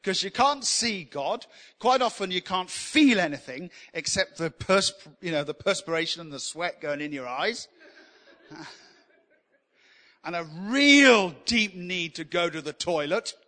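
A man preaches, his voice high and bright as he tells funny, self-deprecating stories. The sound carries a long reverb from the church hall around him. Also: unhurried. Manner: humorous, self-deprecating, animated. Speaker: pastor. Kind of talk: sermon with storytelling.

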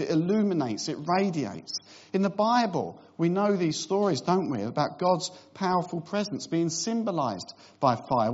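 A man's voice: sits high, dull audio. Middle-aged male preacher, wry and conversational. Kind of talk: sermon.

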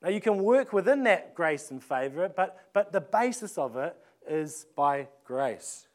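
A pastor preaches a sermon conversationally, often restarting phrases and posing rhetorical questions. He has a slightly high, animated voice and a measured pace.

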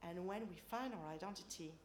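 A woman preaching and then leading a group in prayer, earnest and unhurried, sometimes dropping to a soft prayerful voice. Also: lowish voice, a little hiss or hum. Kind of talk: sermon and guided prayer. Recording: echoey room with faint ambience.

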